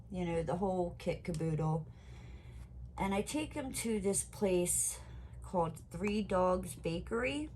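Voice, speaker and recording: A woman vlogger telling a story in casual chat, animated and swearing freely. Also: on the low side, slight background noise. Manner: animated, swears freely, quotes herself loudly. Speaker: crafting vlogger.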